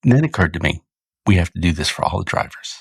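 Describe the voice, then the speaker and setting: American podcast host, very deep and gravelly, loose rambling talker. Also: male voice, lively intonation, fast talker, no echo. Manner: rambling, self-correcting, laughs at own jokes. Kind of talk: casual chat.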